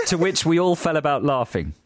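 A man's voice: on the high side, wildly swooping pitch, moderate pace, no echo. A man co-hosting a casual chat show, reading listener emails with giggly, playful banter. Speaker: podcast co-host.

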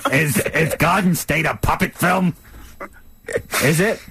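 A man's voice: high-pitched, wildly swooping pitch, very slow, vocal fry, a bit bright, slightly rough. A man co-hosting a comedic radio show, joking playfully with callers. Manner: playful, jokey, interrupts often. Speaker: radio host.

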